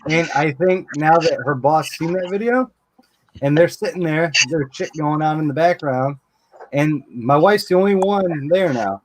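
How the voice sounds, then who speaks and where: A man's voice: fairly high pitch, a little slow, noisy background. A man casually telling a long story, acting out the people he quotes and swearing now and then. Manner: animated storyteller who acts out quoted dialogue, swears casually.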